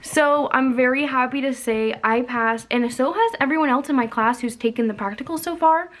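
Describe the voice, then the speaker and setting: A woman's voice: high voice, moderate pace, a bit bright. A young woman telling a candid, profane story in a casual vlog. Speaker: vlogger.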